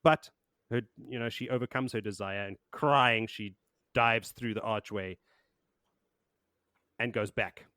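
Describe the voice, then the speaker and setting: Low-voiced man recapping a book. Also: fairly even intonation, a little slow, pauses often, bright, forceful tone, no echo, clean studio sound. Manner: chatty and rambling, with laughs and casual swearing. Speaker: podcast host. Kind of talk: casual chat recapping a book.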